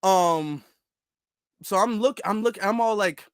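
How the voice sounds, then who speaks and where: Young male vlogger with a high voice, animated casual storyteller, close dry mic. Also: takes it slowly, clear, resonant tone, no echo. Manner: animated, laughing, loose slang.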